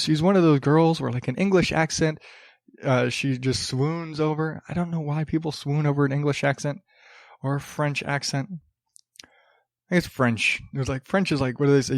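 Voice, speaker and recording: A man's voice: medium pitch, dry recording, studio quality. A man hosting a solo podcast, rambling casually with many fillers, restarts and swearing. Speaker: podcast host.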